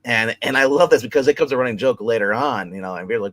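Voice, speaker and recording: A man's voice: medium pitch, quick pace, a bit bright, dry recording. A man co-hosting a casual TV review chat, recapping episodes in a rambling way full of repeats and fillers. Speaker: co-host reviewing a TV show.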